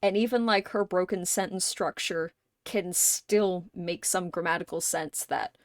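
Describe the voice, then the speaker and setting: A woman streamer chatting casually, her voice sitting a little low and her speech unhurried. She rambles and thinks aloud, dropping the odd casual swear, close and dry on the mic. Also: steady tone, dry recording. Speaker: live streamer. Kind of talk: casual chat on a game stream.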